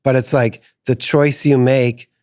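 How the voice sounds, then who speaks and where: A middle-aged man, a musician guest, talking slowly and reflectively, often stopping to search for words. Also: mid-range voice, little pitch movement, a little mellow, no room sound, clean studio sound. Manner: slow, halting, searching for words. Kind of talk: reflective conversation.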